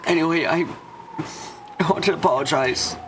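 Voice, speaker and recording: A man's voice: on the high side, moderate pace, over music, lightly acted, low-quality recording. A man reading the lines of a blunt young man in a visual novel, in a casual manner close to his own voice. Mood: earnest.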